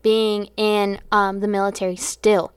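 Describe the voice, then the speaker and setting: A young woman in an interview, telling a personal story with animation. She laughs easily, and her voice sits at a middle pitch. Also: little pitch movement, unhurried, smooth. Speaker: guest sharing testimony.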